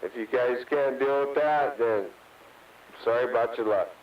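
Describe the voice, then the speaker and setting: A man's voice: mid-range voice, normal speed. A man joining crude, profane banter on a CB radio channel in a laid-back way. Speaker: CB radio caller. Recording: distant muffled radio with hiss.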